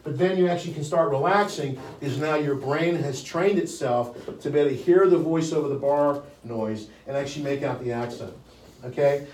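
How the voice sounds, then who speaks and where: A man's voice: a little high, darkish tone, a little hiss or hum. An older man leading a live sales training, brash and blunt, with frequent profanity. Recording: echoey room, distant mic.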